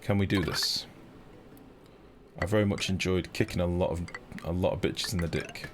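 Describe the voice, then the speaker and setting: A young man commentating casually on a live game stream, chatty and excitable, swearing freely and talking to his chat. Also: sits low, normal speed, a little hiss or hum.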